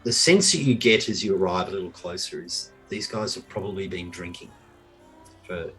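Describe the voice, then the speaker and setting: A man narrating as game master of an online tabletop game, halting and full of restarts and fillers. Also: sits low, animated, fairly bright tone, slightly rough, faint music behind, low-quality recording. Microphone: online call mic.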